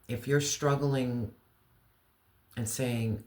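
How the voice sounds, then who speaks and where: A man giving an earnest, emotional tarot reading, slowing down to stress key words. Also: medium pitch, roomy sound, a little hiss or hum. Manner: earnest, emotional, slow deliberate emphasis. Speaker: tarot reader.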